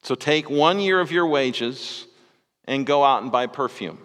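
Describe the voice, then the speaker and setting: A man preaching in a relaxed, conversational way, stumbling over a word now and then and tossing in asides to his listeners. His mid-pitched voice carries a long reverb from the church hall around him. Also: unhurried. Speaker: pastor. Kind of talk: sermon.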